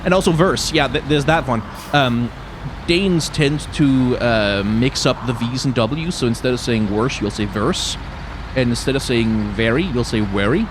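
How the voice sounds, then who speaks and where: A man with a mild Danish accent chats casually through a driving game. He thinks aloud in a rambling way and sometimes reads the on-screen instructions. His pitch sits in an ordinary middle range, with a faint hiss behind his voice. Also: moderate pace. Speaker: YouTuber playing a driving game. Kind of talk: casual gameplay commentary.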